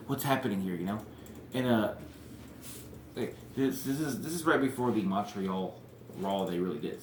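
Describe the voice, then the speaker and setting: A man's voice: lowish voice, darkish tone, slight background noise. A man giving a casual, rambling monologue on wrestling storylines, full of "like" and "you know", blunt and swearing freely, acting out bits of dialogue. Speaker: wrestling fantasy-booking vlogger. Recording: roomy echo.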